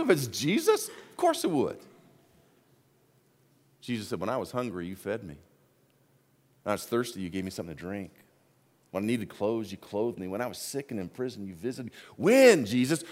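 Animated male pastor preaching a sermon. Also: medium pitch, moderate pace, pauses often. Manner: animated storytelling, voice swinging from hushed to loud.

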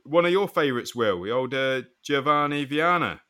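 Man, podcast host, bright tone, casual sweary banter. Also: medium pitch, animated, moderate pace. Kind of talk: casual chat.

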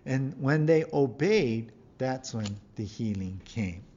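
A man's voice: mid-range voice, expressive, slow pace, dark tone, highs cut off. A male pastor giving a conversational sermon, reading scripture and acting out the people in it with a raised voice. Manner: conversational preaching, acts out quoted figures with raised voice.

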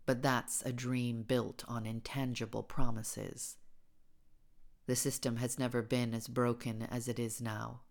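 A woman reading a second-person horror story aloud, hushed and deliberate, sometimes dropping to a whisper. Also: very deep voice, level tone, vocal fry. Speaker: audiobook reader.

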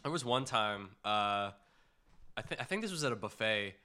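On a casual chat podcast, a young co-host spins animated stories full of "like." He speaks at a moderate pace in a bright, forward voice that jumps up high when he quotes people.

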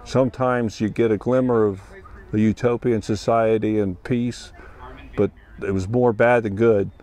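This festival attendee from Ohio tells his personal story in a low, slightly mellow voice, speaking a little slowly with fairly even intonation. He's earnest and plain-spoken, voicing the dialogue as he goes.

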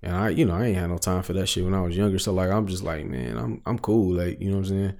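A laid-back man co-hosting a podcast, with a fairly low voice. He laughs easily and fills the gaps with short agreements. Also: fast talker, creaky, dark tone. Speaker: podcast co-host. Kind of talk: casual chat.

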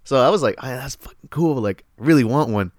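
A man telling a story in casual chat, animated and profane, laughing often. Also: mid-range voice, a little fast, no echo, clean studio sound.

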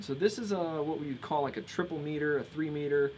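A man's voice: on the high side, a little fast, hardly any pauses, a little mellow, slight background noise, low-quality recording. A man teaching guitar in a casual live-streamed lesson, explaining a strumming pattern and counting beats aloud. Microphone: streaming mic through a compressor. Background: his own strummed acoustic guitar.

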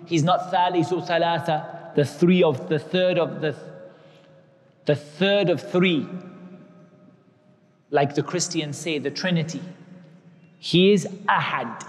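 A man's voice: high-pitched, in a large hall. A man giving a religious lecture, explaining terms patiently and repeating key words. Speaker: Islamic teacher.

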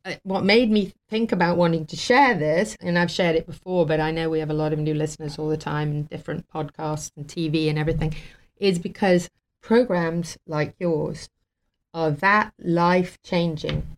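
A woman's voice: low voice, fairly even intonation, normal speed. A woman guest on a talk show, telling a heartfelt story casually, with fillers and laughter. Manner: warm and emotional, laughs often, many fillers.

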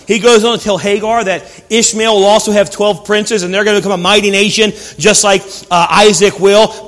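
High-voiced preacher in an echoing hall. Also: male voice, moderate pace. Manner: impassioned storytelling, swings from hushed to loud. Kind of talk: sermon. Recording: reverberant hall sound.

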